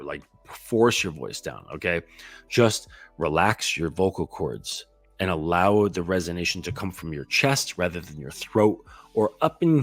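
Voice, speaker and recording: Deep-voiced, animated man coaching casually. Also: no echo. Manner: chatty, keeps asking "right?", swears casually. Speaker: dating coach.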